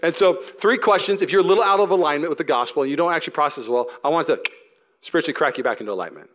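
Fast-talking, animated young male pastor. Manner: animated storytelling with acted-out voices and laughs; drops to a soft, low, earnest voice for the serious points. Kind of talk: sermon. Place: church auditorium.

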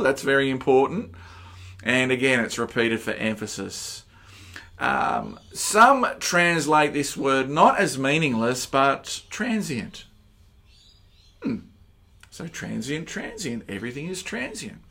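A man preaching a sermon, slow and emphatic, pushing hard on key words. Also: on the high side, a bit bright.

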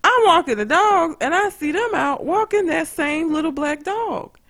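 Lively, animated woman telling a story. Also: high voice, moderate pace, hardly any pauses. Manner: animated, profane, laughs often. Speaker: podcast co-host. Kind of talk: casual chat, storytelling.

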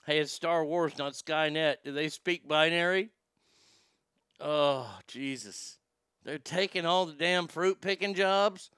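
A man's voice: fairly high pitch, slow, fairly bright tone, clean tone, no echo. A man hosting a comedy show, delivering a crude, rambling monologue. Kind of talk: stand-up style comic monologue.

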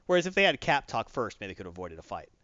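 A man chats casually and retells a comic story with lots of character quotes. His pitch swings widely. The audio is muffled and very dry. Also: very fast, no echo. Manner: animated, storytelling, quoting characters. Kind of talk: casual chat recapping a comic. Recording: dull lo-fi, dry.

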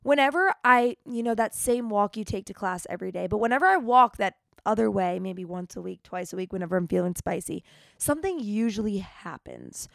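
A young woman hosting a podcast, telling stories in an animated, chatty way, with dramatic retellings. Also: medium pitch, fairly quick, gravelly, no echo. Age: young adult. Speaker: podcast host. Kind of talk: casual storytelling monologue.

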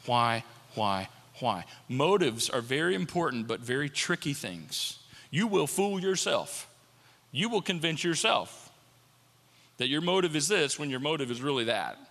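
Bright-voiced preacher man in a reverberant hall. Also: a little high. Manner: conversational preaching, repeats rhetorical questions. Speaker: pastor. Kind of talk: sermon.

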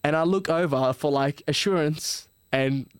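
A man's voice: on the high side, a little slow, clean tone, no echo. Rambling man with dry sound. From Melbourne, Australia. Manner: rambling, profane storyteller. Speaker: podcast guest. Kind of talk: casual chat.

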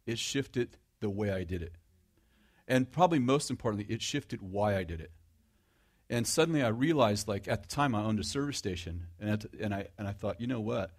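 A middle-aged man giving a conversational sermon to a live audience, joking about himself, restarting his sentences and asking the listeners questions. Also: fairly low pitch. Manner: self-deprecating humor, frequent restarts, asks the audience questions. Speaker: preacher.

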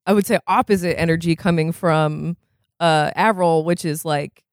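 A woman's voice: fairly low pitch, steady tone, moderate pace, dry recording. Young woman podcast co-host, casual talker, lots of restarts, dry recording. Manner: chatty, laughs often, many restarts.

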